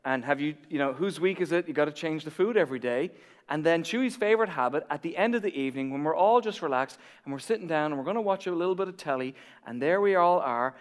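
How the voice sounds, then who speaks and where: A middle-aged man preaching a sermon as a pastor, swinging between soft, quiet asides and emphatic, building peaks. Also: fairly high pitch, animated, quick pace. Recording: long reverb of a large hall.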